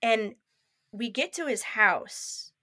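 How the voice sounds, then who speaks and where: A woman guest telling a personal story in an interview, lively and acting out what people said. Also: fairly high pitch, slow pace, no echo, studio quality. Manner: lively, acts out others' lines in quotes.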